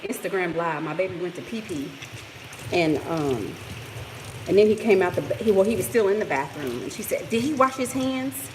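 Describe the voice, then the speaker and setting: A sassy, animated woman vlogs casually at home, moving around the house and yard. Her voice is on the low side at a moderate pace; she laughs often and talks back to commenters. The low-quality home recording has clear background noise.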